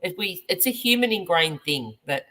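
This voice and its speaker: A woman's voice: lowish voice, expressive, moderate pace, bright, forceful tone, low-quality recording. An Australian woman hosting a casual chat as a medium, reading viewer comments aloud and laughing often. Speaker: medium and host.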